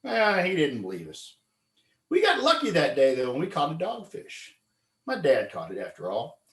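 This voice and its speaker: A man gives a lively storytelling speech, his voice rising and falling widely as he acts out his friends. He sits a little high in pitch. The room around him rings with echo. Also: moderate pace. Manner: animated, acts out quoted friends with loud high yells. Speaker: club speaker. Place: meeting room.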